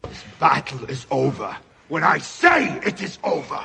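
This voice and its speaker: A bellowing gravelly commander. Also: male voice, fairly high pitch, big pitch swings, a little slow, pushed and bright, raised voice, slight background noise, pitched above the performer's own voice, heavily acted. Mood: furious.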